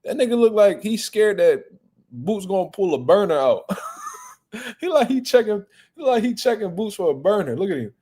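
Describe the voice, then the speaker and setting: A man hosting a boxing talk show, chatting casually in a blunt, profane, animated way. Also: high-pitched, normal speed, slightly rough. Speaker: boxing podcast host. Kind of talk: casual chat.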